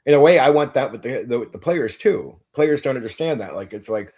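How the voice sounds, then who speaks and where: Man, game master, opinionated monologue, blunt, emphatic, casual slang, medium pitch. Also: lively intonation, fairly quick, darkish tone, slightly rough. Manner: blunt, ranting, emphatic, swears, peppers speech with "like" and "dude". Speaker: game master and channel host. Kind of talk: opinionated monologue on running tabletop games.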